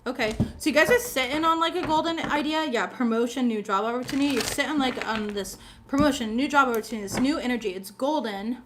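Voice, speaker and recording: A woman with a slightly high voice gives a casual tarot reading. She talks in a chatty, blunt and sassy way, swears freely, and laughs often between her points. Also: fast talker, hardly any pauses, background noise. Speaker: tarot reader.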